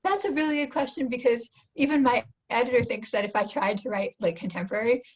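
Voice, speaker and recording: A woman in her forties, an author, chatting enthusiastically on a video call and often restarting her sentences. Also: a little high. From United States. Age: 40s. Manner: warm, enthusiastic, talks in quick restarts. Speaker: author guest. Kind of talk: casual interview chat.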